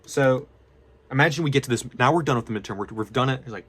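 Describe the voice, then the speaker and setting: A man's voice: medium pitch, quick pace, breathy edge. A young man, a student vlogger, talks casually and unscripted, rambling and correcting himself as he goes. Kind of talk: casual unscripted talk to camera.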